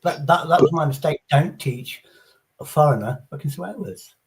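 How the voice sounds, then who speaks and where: This streamer, a middle-aged man from England, rambles through casual chat on his livestream, swearing freely and speaking bluntly. He talks at a moderate pace in a slightly high voice, with faint noise in the background.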